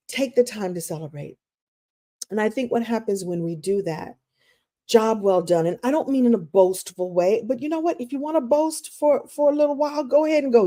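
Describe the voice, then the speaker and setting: Brief: woman motivational speaker, warm mellow tone, chatty and animated, restarts and laughs. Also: a little high, moderate pace. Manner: animated, playful, breaks into exclamations and acted quotes. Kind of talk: live-streamed motivational talk.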